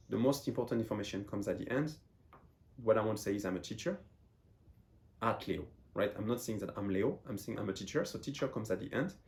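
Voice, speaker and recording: A man from France with a fairly low voice teaching a beginner class. He explains patiently and circles back over his phrases as he works through each point. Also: a little mellow. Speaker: Japanese teacher. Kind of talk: explaining lesson.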